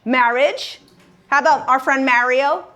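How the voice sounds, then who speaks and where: A woman leading a group word game class, upbeat and encouraging, slowing down to stress syllables. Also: high-pitched, bright, forceful tone. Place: room with a live group.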